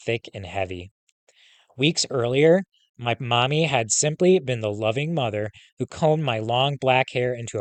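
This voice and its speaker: Reading a memoir aloud in the first person, a male teacher keeps a plain, steady delivery and occasionally slips in a quick, casual aside. His pitch is mid-range, and the recording is dry and close with no echo.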